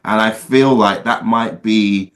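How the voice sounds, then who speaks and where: A man's voice: on the low side, slow pace. A man, an actor appearing as a podcast guest, talking through his views thoughtfully and building his argument, with his voice rising sharply on emphasis. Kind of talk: casual interview conversation.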